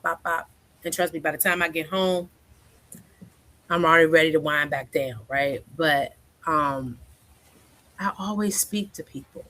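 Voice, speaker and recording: A woman's voice: low-pitched, a bit bright. A woman in her forties, a counselor, talking as a guest in a casual, chatty way and often checking in with "right?". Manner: chatty, keeps asking "right?", acts out quoted speech. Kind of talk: casual conversational interview.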